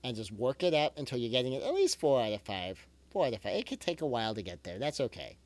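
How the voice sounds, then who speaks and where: A man's voice: mid-range voice, wildly swooping pitch, quick pace. A man giving a recorded parenting talk in an earnest, reassuring way, often repeating key phrases for emphasis. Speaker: parenting coach.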